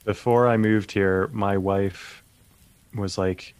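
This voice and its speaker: A man's voice: on the low side, fairly even intonation, takes it slowly, a little mellow, clean tone, no echo. A man co-hosting a podcast, chatting casually and easily with some nerdy enthusiasm. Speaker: podcast co-host. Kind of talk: casual chat.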